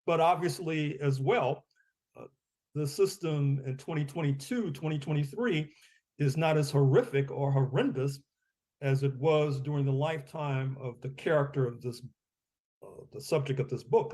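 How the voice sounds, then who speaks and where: A man's voice: medium pitch, a little mellow. A man speaking as an author and guest on a podcast interview, discursive, often repeating his words and giving wry chuckles.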